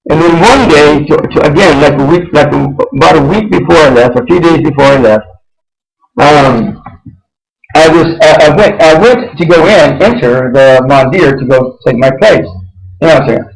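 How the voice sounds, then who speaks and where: A man hosting a radio show, telling a personal story in a rambling, halting way, repeating and restarting phrases. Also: fairly high pitch, gravelly, poor audio. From United States. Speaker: host.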